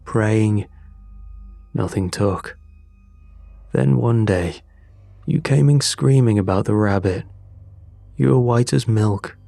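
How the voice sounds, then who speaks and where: A man voicing a dying old farmer father, hoarse and rasping, confessing weakly in a scripted horror story. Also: lowish voice, mellow, no echo. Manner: weak, halting confession.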